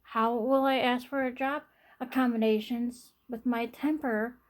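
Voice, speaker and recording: A young adult woman talking to camera in a personal vlog, halting and repetitive, with frequent sighs and restarts. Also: fairly high pitch, fairly even intonation. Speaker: vlogger.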